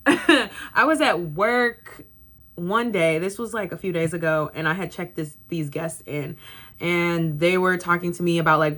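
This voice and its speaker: A young woman talks straight into her camera from her bedroom, sassy and emphatic. Her pitch sits at an ordinary middle for a woman. She is blunt and curses without hesitation. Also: sharp tone. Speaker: vlogger. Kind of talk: casual motivational talk to camera. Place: bedroom at home, indoors. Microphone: camera facing her.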